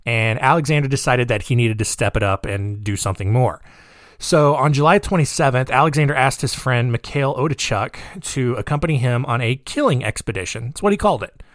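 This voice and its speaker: A man's voice: mid-range voice, lively intonation, fairly quick, no echo, clean studio sound. A man hosting a podcast, telling a true-crime story in a casual, joking way, with rambling personal asides. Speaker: podcast host.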